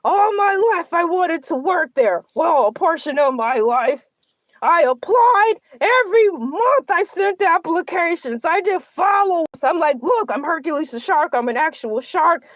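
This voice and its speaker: A woman's voice: extremely high pitch, expressive, unhurried, no room sound. A woman voicing a boastful, self-pitying male shark who hosts a comedic livestream and rambles through melodramatic complaints. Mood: rambling. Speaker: livestream show host in character. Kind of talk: comedic character livestream monologue.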